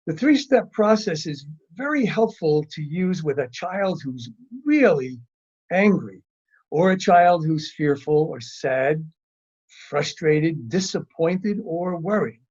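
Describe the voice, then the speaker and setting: Lively man giving a training talk. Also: on the high side, slow pace, slightly rough, muffled recording. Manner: lively, acts out children's voices in quotes. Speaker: parenting and teaching workshop speaker.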